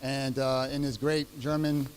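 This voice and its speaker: A middle-aged man giving his retirement ceremony speech, heartfelt and halting, with many fillers and restarts. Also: mid-range voice, flat delivery, a little hiss or hum, low-quality recording. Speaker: retiring chief master sergeant giving a speech. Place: ceremony venue.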